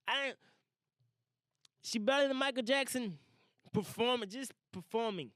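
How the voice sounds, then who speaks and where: A young man hosting a casual solo podcast, talking loosely with profane slang and animated asides. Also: extremely high pitch, measured pace, no echo, clean studio sound. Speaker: podcast host. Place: small recording room. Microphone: studio mic.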